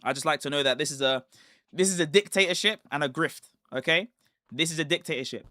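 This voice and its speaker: A man's voice: fairly high pitch, quick pace, bright, forceful tone, no room sound, studio quality. A man hosting a live stream, reacting to a debate clip and joking emphatically with his chat. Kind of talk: casual live-stream commentary.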